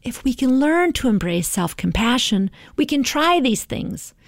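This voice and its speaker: A woman's voice: sits high, big pitch swings, unhurried, vocal fry, no room sound, studio quality. A middle-aged woman hosting a podcast, talking in an encouraging, motivational way and often checking in with "right?". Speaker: podcast host.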